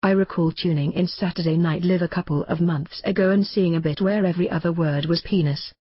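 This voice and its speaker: A man's voice: fairly high pitch, steady tone, fairly quick, breathy edge, dry recording, highs cut off. A man reading his own memoir as audiobook narration, in a brash, mocking and combative rant. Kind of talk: audiobook narration in a ranting radio voice.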